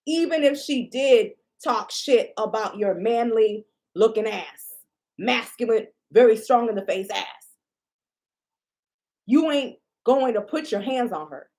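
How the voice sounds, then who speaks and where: A woman's voice: a little high, darkish tone. A woman with a blunt, indignant, profane manner, ranting casually to her viewers as a shop owner and vlogger.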